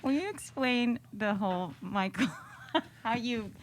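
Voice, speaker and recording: A woman's voice: on the high side, expressive, slow pace. A woman as a show's sidekick, chatting casually and giggling often. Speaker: show sidekick. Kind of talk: casual chat.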